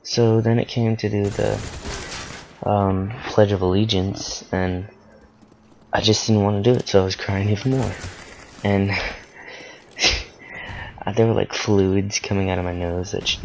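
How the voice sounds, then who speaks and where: A man's voice: low-pitched, level tone, unhurried, vocal fry, long pauses, a little mellow, slight background noise. A teenage boy casually telling a personal story, rambling with lots of fillers and self-corrections. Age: teens.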